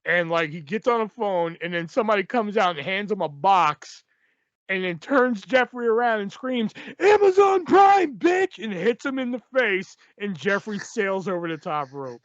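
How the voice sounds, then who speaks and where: A man's voice: high-pitched, expressive, moderate pace, fairly bright tone, no echo. A young adult man hosting a wrestling podcast in casual chat. He swears freely and laughs often. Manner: laid-back, swears freely, laughs a lot. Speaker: podcast host. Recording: dull lo-fi sound.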